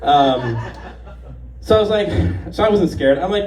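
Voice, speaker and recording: A man's voice: high-pitched, animated, measured pace, a little mellow, distant mic. Chatty comedian man, echoey room. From Los Angeles area, USA. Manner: chatty, confident, self-mocking storytelling. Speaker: stand-up comedian. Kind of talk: live stand-up set. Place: stage of a bar. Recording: echoey bar room from afar, faint noise.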